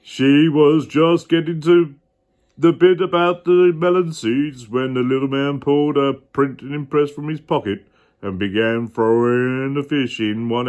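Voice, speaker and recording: A man's voice: medium pitch, darkish tone. A man reading a children's picture book aloud in a playful way. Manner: playful, stops to joke about the story. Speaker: storybook reader.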